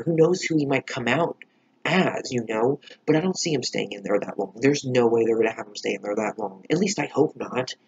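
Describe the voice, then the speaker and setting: A man talks through a TV episode in a loose reaction vlog, filling every pause with "like" and dropping frequent curses. His voice is husky and middle-pitched. The recording sounds dull and lo-fi. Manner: rambling, heavy filler "like", frequent swearing. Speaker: TV episode reviewer.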